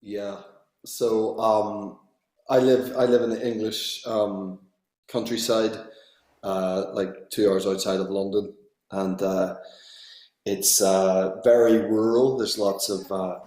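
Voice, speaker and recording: A man in his thirties, a guest actor, chatting casually in an interview and often pausing with ums and restarts. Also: lowish voice, level tone, darkish tone, reverberant. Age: 30s. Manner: hesitant, many ums and restarts.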